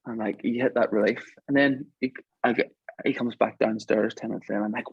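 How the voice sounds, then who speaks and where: A man's voice: medium pitch, fairly even intonation, brisk, vocal fry, husky, no echo, muffled recording. A man talking as a podcast guest, telling a reflective, earnest story in a casual chat.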